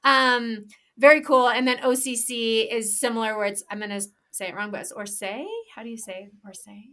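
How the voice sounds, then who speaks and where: A woman's voice: on the high side, fairly even intonation, moderate pace, fairly bright tone. A woman co-hosting a podcast in casual chat, enthusiastic and rambling, with lots of fillers and restarts. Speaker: podcast co-host and professional trail runner.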